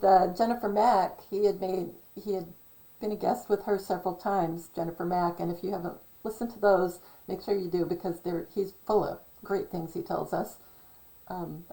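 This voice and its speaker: A woman's voice: mid-range voice, darkish tone, poor audio. A woman hosting her own channel, talking in a casual, rambling monologue that keeps correcting itself and drifting off track. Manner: chatty, self-correcting, digressive. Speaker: channel host.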